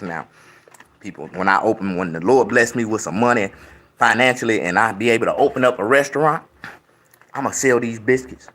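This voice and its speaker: Loud rambling man eating on camera. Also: fairly low pitch, a little fast. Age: 50s. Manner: loud, preachy, with rambling riffs; chews and hums with food in his mouth. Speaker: YouTube vlogger. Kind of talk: casual eating vlog.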